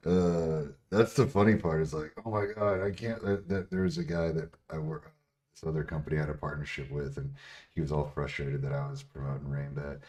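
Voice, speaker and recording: A man streaming casually as a bodybuilder answering chat, blunt and profane, laughing and getting louder when riled up. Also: extremely low pitch, steady tone, fairly quick.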